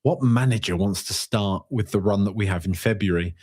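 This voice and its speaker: A man hosting a fan podcast, reading out viewer comments in a jokey, rambling way with sudden high-pitched outbursts. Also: brisk, darkish tone. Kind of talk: casual live-stream chat.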